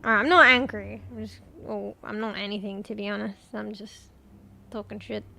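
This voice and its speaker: A woman's voice: medium pitch, steady tone, normal speed, vocal fry, bright, forceful tone. A young Australian woman chatting casually with her stream chat while gaming, swearing freely and offhand.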